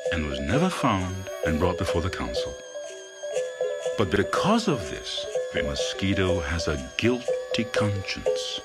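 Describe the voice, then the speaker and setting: A man narrating a folk tale with a deep, expressive, dramatic delivery. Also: unhurried. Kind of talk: storybook narration. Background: music.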